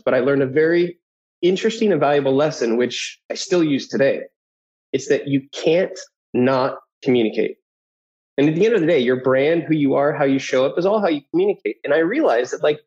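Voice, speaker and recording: A man in his thirties tells personal stories with energy, and he slips into other people's voices now and then as he recounts them. His voice sits a little high for a man. The recording sounds dull and lo-fi. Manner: animated, quick to mimic voices in anecdotes. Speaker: guest. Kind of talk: personal storytelling. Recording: dull lo-fi audio.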